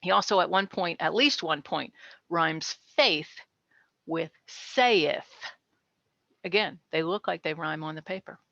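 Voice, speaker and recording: A woman's voice: lowish voice, measured pace, gravelly, a bit bright, dry recording, lo-fi sound. A woman researcher giving a casual, chatty educational talk on poetry, with light laughs and asides.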